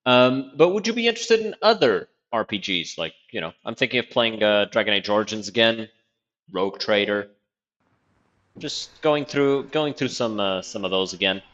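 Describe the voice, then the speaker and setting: A man giving loose, profane commentary while streaming a video game, thinking out loud as he plays. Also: on the low side, expressive, normal speed, highs cut off. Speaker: gaming streamer. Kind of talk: casual gameplay commentary.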